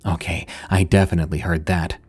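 A man voicing a nervous, half-joking teenage boy in a horror story, in a low husky voice. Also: flat delivery, a little fast, darkish tone. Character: jittery teenage boy trick-or-treating.

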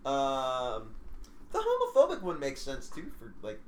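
Young male co-host, crude and animated, lively pitch, echoey room. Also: unhurried. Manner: animated, profane and joking. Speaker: podcast co-host. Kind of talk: casual crude banter. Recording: roomy echo.

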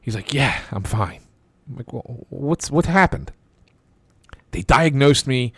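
A man's voice: mid-range voice, lively intonation, slow pace, gravelly, long pauses, fairly bright tone, breathy edge, dry recording. A man hosting a sports podcast, telling a long anecdote in a casual chatty way, full of restarts and quoted dialogue. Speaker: podcast host. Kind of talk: casual storytelling.

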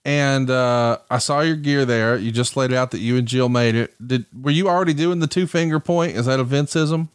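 A man's voice: mid-range voice, normal speed, hardly any pauses, clean tone, no echo, studio quality. A man hosting a podcast, asking playful, teasing questions in casual chat. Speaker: podcast host.

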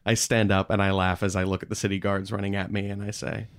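A man's voice: fairly low pitch, flat delivery, fairly quick, fairly bright tone, smooth. A man playing a tabletop game, thoughtfully describing his character's actions in first person. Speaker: player.

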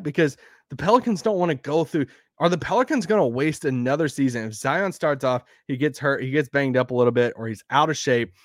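A man with a Southern accent hosting a sports podcast, rambling and animated, laughing now and then. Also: mid-range voice, no echo, studio quality. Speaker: podcast host. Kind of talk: casual sports talk.

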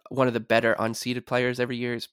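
A man's voice: medium pitch, completely flat delivery, fast, fairly bright tone, clear, resonant tone, dry recording, clean studio sound. A man chatting as a guest on a casual sports podcast, rambling and stumbling over repeated words.

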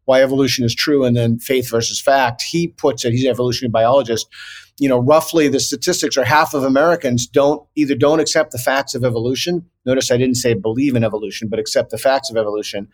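Male guest, mid-pitched, earnest debater, stops and restarts mid-thought. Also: fairly even intonation. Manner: earnest and argumentative, with many halting restarts. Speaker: interview guest. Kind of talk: conversational video interview.

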